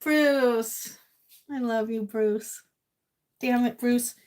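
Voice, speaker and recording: A woman in her fifties from Maine chats with her livestream viewers from her kitchen, gushing, emotional and openly affectionate. Her voice sits a little high for a woman. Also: animated, moderate pace. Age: 50s. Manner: gushing and emotional, swings between tearful and loud squealing laughter. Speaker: livestream host. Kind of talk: casual livestream chat. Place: home kitchen.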